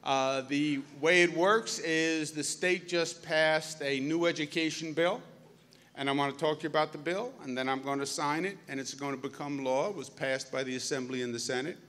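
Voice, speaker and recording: A man with a thick Queens New York accent addresses a school crowd, spinning homey stories with joking asides. His voice is slightly high for a man and bright and forceful. It rings out with a long reverb in a large hall. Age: 50s. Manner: folksy, storytelling, jokey asides. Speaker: governor speaking at a school. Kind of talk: public speech to students.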